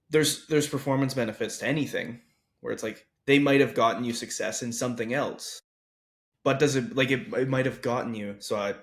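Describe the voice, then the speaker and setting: Man hosting, thoughtful halting questions. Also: mid-range voice. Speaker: podcast host and weightlifting coach. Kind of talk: casual podcast conversation.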